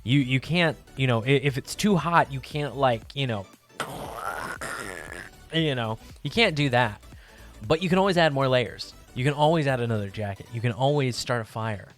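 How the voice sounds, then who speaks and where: A man's voice: mid-range voice, moderate pace, faint music behind. A man hosting a live art stream from his basement apartment, chatting casually with viewers, laughing often and restarting his sentences. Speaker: livestream host.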